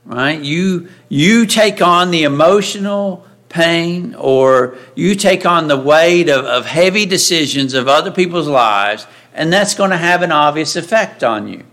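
A man's voice: fairly high pitch, lively intonation, measured pace, hardly any pauses, a bit bright. A man preaching a sermon in a conversational way, often asking his listeners rhetorical questions.

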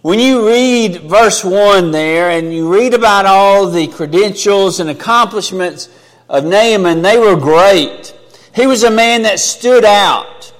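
A man preaches a sermon with a fairly high voice that lifts for emphasis and sinks low and soft for asides. He talks in an earnest, conversational way and often restarts his phrases. His voice carries a long reverb from a large hall. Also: slow. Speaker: pastor.

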